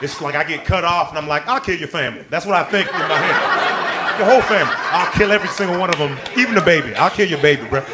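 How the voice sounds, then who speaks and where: A male stand-up comedian performing a live set on a club stage, excitable and playful, working the crowd and leaping into squealing quoted voices. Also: a little high, quick pace. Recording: live club recording with crowd laughter and noise.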